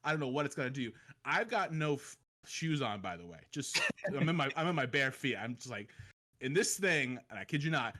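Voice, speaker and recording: A man in his thirties telling a story in casual podcast chat, animated and acting out the voices in it. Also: medium pitch, fairly quick. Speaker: podcast guest.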